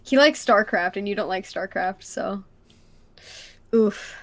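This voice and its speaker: A woman's voice: mid-range voice, takes it slowly, fairly bright tone. A woman guest on a livestream, chatting in a giggly, playful, self-mocking way. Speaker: guest streamer. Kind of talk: casual livestream chat.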